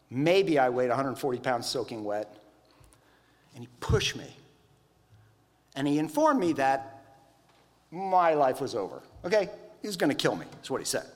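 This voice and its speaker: A man preaching a sermon, telling stories in a conversational, animated way. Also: mid-range voice, big-room sound. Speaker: pastor.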